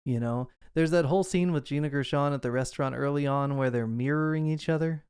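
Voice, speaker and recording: A man co-hosting a film podcast, talking in an animated, rambling way with lots of fillers. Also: fairly high pitch, fairly quick, smooth, no echo, clean studio sound. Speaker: podcast co-host. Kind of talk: casual film discussion.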